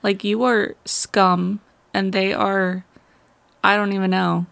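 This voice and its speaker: Gravelly-voiced woman, blunt and frank. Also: mid-range voice, little pitch movement, a bit bright, no room sound. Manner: blunt and frank, swears freely, drawn-out complaints. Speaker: podcast co-host. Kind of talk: casual chat.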